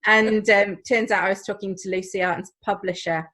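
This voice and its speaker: A woman with a mid-pitched voice telling embarrassing anecdotes on a writers' panel over a video call. She brings her stories to life by voicing each quote. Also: brisk. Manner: lively anecdotes with acted-out quotes. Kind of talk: casual panel chat.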